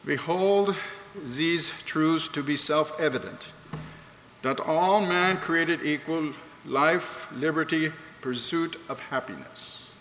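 A man voicing a weathered old immigrant man who speaks in a slow, measured way. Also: on the high side, fairly bright tone. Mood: solemn. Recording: echoey hall, faint background noise.

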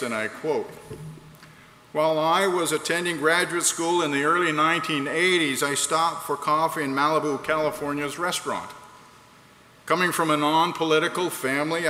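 A man's voice: a little high, steady tone, normal speed, pushed and bright. A man preaching a sermon in a large hall, earnest and rhetorical, reading quotes aloud. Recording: echoey hall, faint background noise.

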